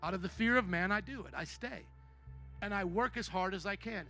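A male pastor preaching a sermon as a personal testimony, his storytelling swinging from hushed to loud. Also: high voice, a little fast, soft background music.

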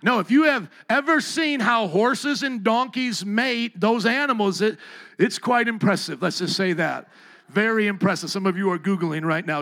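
A man preaching a sermon to his congregation, animated and joking, now and then acting out other voices. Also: high-pitched, normal speed, creaky. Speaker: pastor.

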